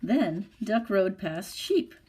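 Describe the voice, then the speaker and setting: A woman librarian reading a picture book aloud for storytime, slow and expressive. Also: mid-range voice. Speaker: youth services librarian.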